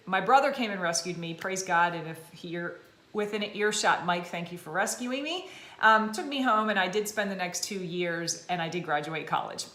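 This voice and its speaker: A woman in her forties talks casually to her viewers as a fitness vlogger, self-deprecating and laughing often. Her voice is a little froggy and hoarse, sitting at an ordinary middle pitch. The room around her is echoey. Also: a bit bright. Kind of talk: casual chat to camera.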